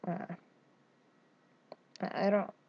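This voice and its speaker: On her YouTube gaming channel, a Latina woman raised in the US hosts a casual Q&A vlog, talking extremely slowly over lo-fi sound. She's chatty and rambling, full of fillers and restarts, and giggly and self-deprecating.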